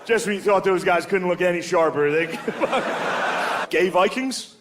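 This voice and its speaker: A man's voice: high voice, measured pace. A man performing a crude stand-up routine on a comedy club stage, brash and laughing at his own jokes into a handheld mic. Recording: live set with clear background noise.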